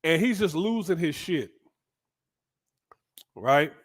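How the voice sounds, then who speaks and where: Man telling a casual travel story, lively and crude, slightly higher voice. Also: takes it slowly, slightly rough. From United States. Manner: animated, profane, frequent "right?" asides. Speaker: vlogger.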